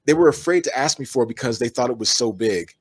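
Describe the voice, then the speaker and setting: A man's voice: medium pitch, animated, fast, husky, no echo. Rambling man telling stories, dry sound. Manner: rambling storyteller with many fillers and restarts. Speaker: energy healer, interview guest. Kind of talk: relaxed conversational interview.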